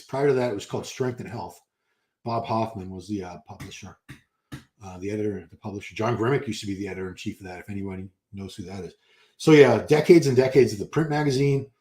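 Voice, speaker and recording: A man's voice: mid-range voice, darkish tone. An older man, chatting casually on a live stream and answering comments, rambling and correcting himself as he goes.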